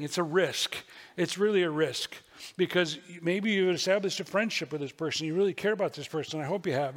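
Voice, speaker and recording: A man's voice: a little high, a bit bright. A man preaching a sermon as pastor, telling folksy stories with asides. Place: church sanctuary. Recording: long reverb of a church hall.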